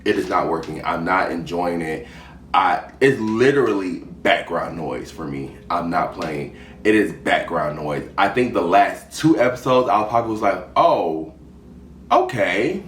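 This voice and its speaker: A man giving casual, sassy reality TV commentary as a show host, with emphatic repetition and lively swings. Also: low-pitched, a little slow. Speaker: podcast host. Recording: roomy echo, distant mic, faint hum.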